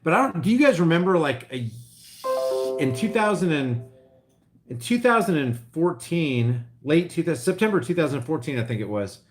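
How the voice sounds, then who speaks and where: A middle-aged man from Oklahoma, rambling and restarting as he reads live chat on his livestream, his voice swinging between loud and quiet. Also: on the high side, very animated, moderate pace, soft background music. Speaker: vlogger reading live chat.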